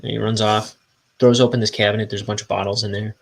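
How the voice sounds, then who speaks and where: A man's voice: lowish voice, level tone, fast talker, creaky, poor audio. A man who is a cartoonist, chatting casually and self-mockingly while he inks his comic on a livestream. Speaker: cartoonist streaming his inking.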